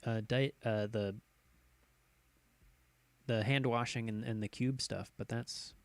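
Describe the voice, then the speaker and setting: A man hosts a relaxed live stream from his home setup, rambling cheerfully with plenty of ums and restarts. His voice sits at an ordinary middle pitch and comes through a desk mic with a dry, close sound and no room echo. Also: slow. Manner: easygoing, rambling, reads viewers' posts aloud with many fillers and restarts. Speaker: streamer host. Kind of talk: casual live-stream chat.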